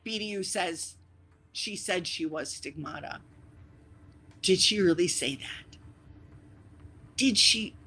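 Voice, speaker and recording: A live streamer chatting casually with viewers, rambling and teasing, with sudden loud bursts and quick whispered asides. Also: mid-range voice, breathy edge, poor audio.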